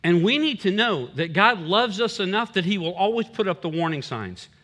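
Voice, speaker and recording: A man preaching a sermon as pastor, animated, acting out the voices of the people he quotes. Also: high voice, normal speed.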